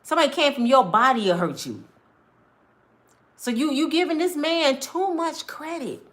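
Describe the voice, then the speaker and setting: A woman delivers relationship advice like a street preacher. She is emphatic and conversational, often slipping into acted quotes. Her voice sits a little higher than most women's. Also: expressive, normal speed, a bit bright. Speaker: relationship mentor. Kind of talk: preachy monologue to camera.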